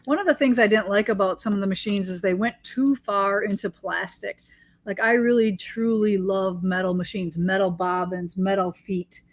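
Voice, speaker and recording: A woman's voice: medium pitch, fairly even intonation, normal speed. A woman quilting teacher talking casually and enthusiastically while she demonstrates her sewing, joking about herself. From United States. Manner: chatty, enthusiastic, self-deprecating. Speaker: quilting teacher and shop owner.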